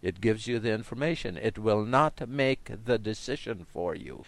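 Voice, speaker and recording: A man in a reflective spiritual chat, talking in a slow, musing way and often dropping his voice to a quiet tone. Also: on the low side, lively intonation, no room sound. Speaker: co-host.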